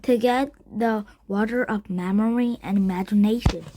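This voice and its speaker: A woman's voice: medium pitch, moderate pace, mellow, a little hiss or hum, lightly acted. A woman reading aloud who voices an anxious young boy in her own plain voice, in a hesitant way. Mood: earnest.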